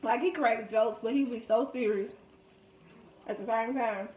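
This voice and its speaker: A woman's voice: fairly high pitch, a little slow, far from the mic, background noise. Chatty woman reminiscing, echoey room. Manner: chatty, reminiscing, quotes people in lively voices. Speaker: vlogger. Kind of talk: casual storytelling during a food video.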